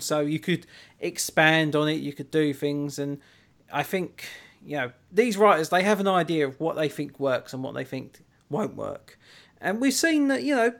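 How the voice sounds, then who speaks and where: A man's voice: fairly high pitch, fairly bright tone. An English man hosting a podcast, chatting enthusiastically and swearing freely. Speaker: podcast host. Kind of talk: casual chat.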